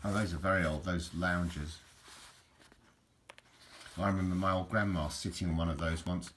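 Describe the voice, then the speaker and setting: Leafing through an old repair book, a man reviews it in casual chat, rambling and restarting his sentences. His deep voice is fairly even at a moderate pace with long pauses, in a noisy home recording.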